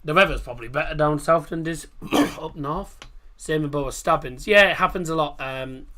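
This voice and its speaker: A man's voice: on the high side, moderate pace, bright, forceful tone. Chatty man hosting a livestream. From Middlesbrough, England. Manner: rambling, chatty, frequent fillers and restarts. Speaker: livestream host. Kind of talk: casual chat reading live comments.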